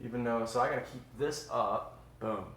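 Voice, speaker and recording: A man's voice: medium pitch, normal speed, a bit bright. Upbeat man, casual live chat, kitchen echo. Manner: upbeat, chatty, says "y'all" a lot. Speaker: livestream host. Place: home kitchen. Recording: roomy echo.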